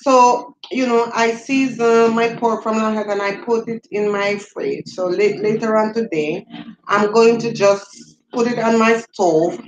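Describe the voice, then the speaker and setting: A woman's voice: a little high, fairly even intonation, measured pace, roomy sound, highs cut off. A middle-aged woman from Jamaica with a Jamaican accent, chatting casually on a livestream and answering viewer comments as she goes. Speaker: livestream host.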